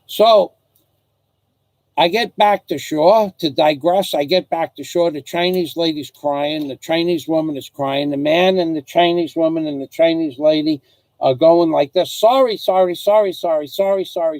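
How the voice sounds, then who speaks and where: A man's voice: on the high side, normal speed, a little mellow, no echo, rough recording. An older man telling stories from his working life in a casual, rambling way, with many restarts and earnest questions. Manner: rambling, digressive, full of restarts. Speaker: father recounting his life. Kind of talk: casual storytelling.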